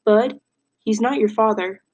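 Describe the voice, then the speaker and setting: A steady, firm older man, read aloud by a woman teacher. He questions a boy patiently and gently in a fairly high reading voice. The character comes from a storybook read in class. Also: a little slow, muffled recording. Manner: calm, firm. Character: calm, steady older male bandleader.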